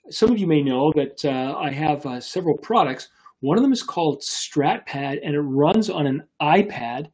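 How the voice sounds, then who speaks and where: Husky animated man telling a business story. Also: fairly high pitch. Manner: animated, chatty, many fillers and restarts. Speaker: business coach and show host. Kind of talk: live business talk with a story.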